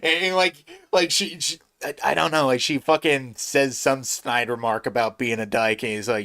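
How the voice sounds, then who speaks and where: A man's voice: mid-range voice, expressive, moderate pace, hardly any pauses, fairly bright tone. Giggly, stammering podcast co-host man. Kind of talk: casual podcast chat.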